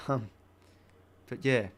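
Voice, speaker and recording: A man's voice: medium pitch, steady tone, drawn-out words, fairly bright tone. Chatty Australian man calling the footy. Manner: rambling, chatty, swears freely. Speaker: live stream host. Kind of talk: casual live watch-along commentary.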